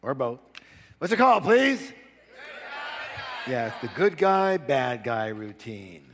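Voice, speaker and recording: Energetic man lecturing in a big hall. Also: mid-range voice, slow, a little hiss or hum. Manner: energetic, commanding, prompts the audience. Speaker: negotiation seminar speaker. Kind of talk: live seminar talk to an audience.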